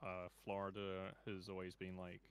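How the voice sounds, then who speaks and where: A man chatting casually and relaxed, swearing freely and stopping with uh and like. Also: low voice, normal speed, smooth. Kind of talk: casual chat.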